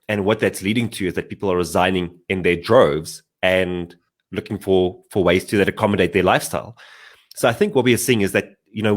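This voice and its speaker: A man co-hosting a podcast in casual conversation, speaking haltingly with many pauses and restarts. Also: on the low side. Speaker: podcast co-host.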